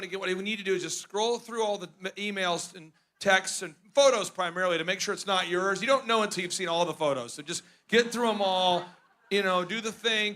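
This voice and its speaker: A man hosting a conference, joking and rambling in animated comedic stage banter. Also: high voice. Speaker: conference host.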